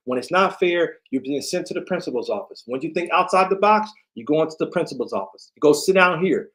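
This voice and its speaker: A man's voice: a little high, lively intonation, fairly quick. Rambling man ranting on a late stream. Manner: rambling, repetitive ranting, talks to chat. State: tired. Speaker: livestream host. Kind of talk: late-night livestream rant.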